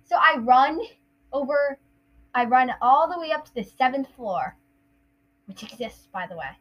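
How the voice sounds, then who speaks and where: A woman's voice: high-pitched, expressive, moderate pace, muffled recording. A woman co-hosting a podcast, rambling through a playful made-up story in casual chat. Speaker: podcast co-host.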